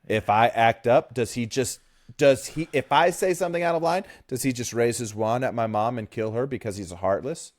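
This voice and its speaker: A man co-hosting a podcast, talking animatedly in quick bursts and retelling scenes. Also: mid-range voice, no room sound, studio quality. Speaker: podcast co-host. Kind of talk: casual podcast chat.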